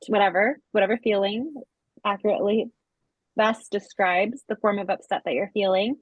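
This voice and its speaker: A woman co-hosting a spiritual lesson, calmly explaining how to practice it. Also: medium pitch, normal speed, long pauses, no echo, low-quality recording. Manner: calm, explanatory. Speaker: co-host.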